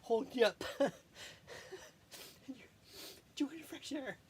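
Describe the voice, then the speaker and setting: A person rambling through a self-recorded monologue, halting and often breaking into laughter while catching their breath. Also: sits high, animated, a little mellow, slight background noise.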